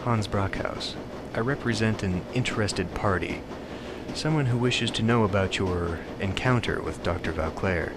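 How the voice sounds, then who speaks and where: Dude reading an old dragon posing as a suave guy, slow and lofty, lowish voice, noisy bg. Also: close to an everyday voice. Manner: slow, lofty, philosophical speech. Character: ancient dragon disguised as a suave man, lofty.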